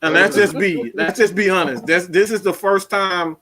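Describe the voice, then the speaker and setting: A man hosting a sports-talk show who rants loudly, with heavy profanity. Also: high voice, moderate pace, a crowd in the background. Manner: loud, profane, fired-up ranting. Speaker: podcast host. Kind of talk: heated sports-talk rant.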